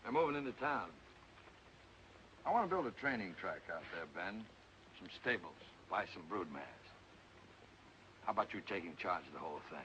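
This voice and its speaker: An earnest young horse owner, deep-voiced. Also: male voice, animated, moderate pace, long pauses, bright, forceful tone. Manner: earnest, decisive, plain-spoken. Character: earnest young man, heir to a horse farm. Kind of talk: 1940s film acting. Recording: muffled old film soundtrack with faint hiss.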